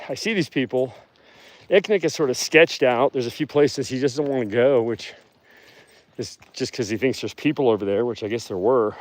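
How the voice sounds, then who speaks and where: A man's voice: medium pitch, a little mellow, no echo. A man live-streaming from the woods at night on a handheld phone, telling a long story in a rambling way full of fillers. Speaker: live-streaming wolf keeper. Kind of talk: casual live stream chat. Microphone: phone held while walking.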